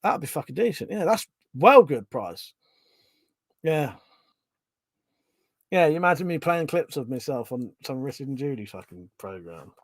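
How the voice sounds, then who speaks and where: A man's voice: medium pitch, sing-song, moderate pace, pauses often, no echo, studio quality. A man, hosting a casual livestream, reading out viewer comments, swearing freely and laughing often. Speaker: livestream host.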